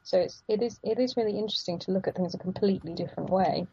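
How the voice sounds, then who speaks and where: Mellow-voiced woman, chatty. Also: mid-range voice, very fast, dull audio, slight background noise. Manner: rambling, many restarts, laughs often. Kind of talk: casual chat.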